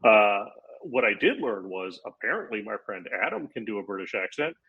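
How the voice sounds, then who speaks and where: A man's voice: fairly low pitch, normal speed, gravelly, breathy edge, narrow, tinny audio. A man in his forties from Florida, a comedian guest on a podcast, telling a long anecdote and acting out quotes in casual chat. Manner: animated anecdote-telling with acted-out quotes and laughs.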